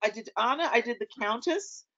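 A woman's voice: a little high, lively intonation, brisk, fairly bright tone. Chatty middle-aged woman telling stories. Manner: chatty anecdotal storytelling with many ums. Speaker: opera singer guest. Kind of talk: casual conversation. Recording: dull lo-fi audio.

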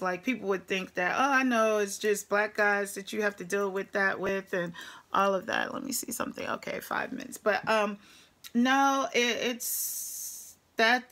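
A woman's voice: mid-range voice, a bit bright. A woman truck driver with a New Jersey accent, chatting frankly to camera, laughing often and putting on voices as she tells stories. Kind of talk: casual talk to camera. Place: at her computer.

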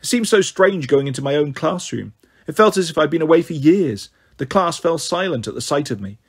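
Husky guy reading a kids' book out loud, steady narration, voice a bit high. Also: fairly quick. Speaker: storyteller. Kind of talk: reading a children's novel aloud.

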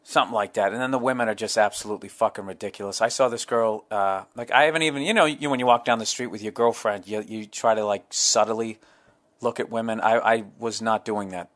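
A man's voice: on the low side, steady tone, fairly quick, a bit bright. A middle-aged man, hosting a solo podcast, telling profane, rambling comic stories. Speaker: podcast host.

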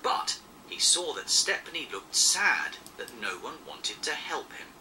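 A man narrating a children's storybook in an expressive, animated way. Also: a little high, slow, far from the mic, a little hiss or hum, low-quality recording.

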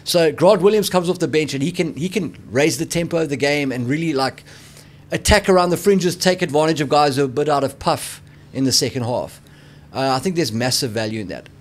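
A man's voice: fairly high pitch, a little fast. A man co-hosting a rugby podcast in casual sports chat, blunt and opinionated, often calling his co-host mate.

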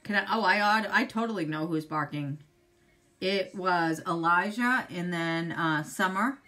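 Low-voiced chatty middle-aged woman. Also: unhurried, sharp tone. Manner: chatty, answers viewers by name. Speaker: makeup seller hosting a live demo. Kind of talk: casual live-stream chat.

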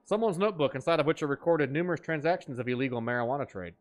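A man's voice: fairly high pitch, racing. A man streaming a game, joking and riffing in playful banter with his chat. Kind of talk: gaming stream commentary.

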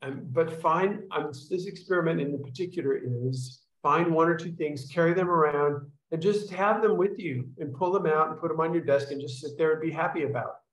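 A man's voice: fairly high pitch, fairly quick, hardly any pauses, roomy sound, rough recording. A man leading an online study group, talking loosely with restarts and acted-out sounds as he explains exercises. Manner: rambling, with restarts and demonstration sounds. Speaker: workshop leader. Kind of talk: casual teaching to an online group. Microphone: video call.

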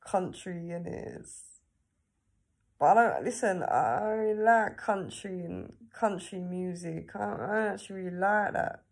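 Speaking at a moderate pace in a low voice with vocal fry, a woman vlogs, chatting to herself on camera. She laughs often and tacks questions onto her sentences.

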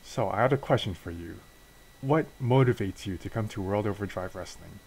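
A man's voice: fairly low pitch, moderate pace, gravelly, darkish tone, slight background noise, poor audio. Man reading as a businesslike news interviewer. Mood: curious.

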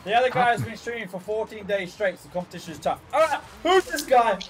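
A young Australian man hosting a casual gaming chat with friends, excitable and swearing, with loud outbursts. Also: high-pitched, fast. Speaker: gaming channel host.

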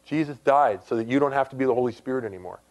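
A middle-aged man preaching a sermon in a quick, conversational way, full of asides, rising at times to loud, emphatic exhortation. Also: mid-range voice. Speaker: pastor.

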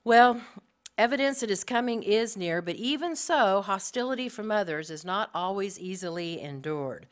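A middle-aged woman teaching a women's Bible study to a live group, earnest and animated, speaking straight to her listeners. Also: medium pitch, moderate pace. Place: room with a live audience.

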